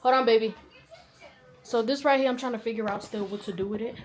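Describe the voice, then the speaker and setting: A woman in her twenties from New York, chatting casually to the camera while tidying her bedroom and thinking out loud about where things should go. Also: on the high side, fairly even intonation, fast talker. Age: 20s. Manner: chatty, thinking aloud, often unsure. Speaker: vlogger. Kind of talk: casual chat while cleaning. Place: bedroom at home.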